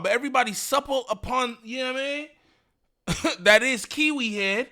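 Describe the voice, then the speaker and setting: A man hosting a commentary channel, talking in an animated, rambling, slangy way with lots of repeats. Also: very high voice, moderate pace. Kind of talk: casual reaction commentary.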